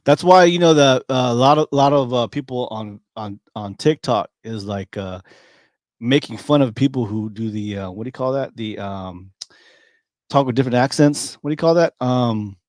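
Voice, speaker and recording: Halting man in casual chat, dry sound. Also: medium pitch, darkish tone, dry recording. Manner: halting, restarts and searches for words.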